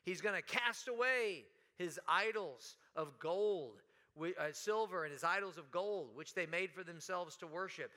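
Bright-voiced preacher man, animated. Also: high voice, measured pace. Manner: animated preaching with sudden shouts and dramatic quoted lines. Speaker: pastor. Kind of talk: sermon. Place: church sanctuary.

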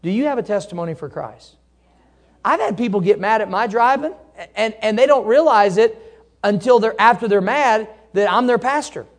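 A man, a pastor preaching a sermon in a folksy, animated way, laughing at himself and acting out angry drivers. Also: high voice, normal speed.

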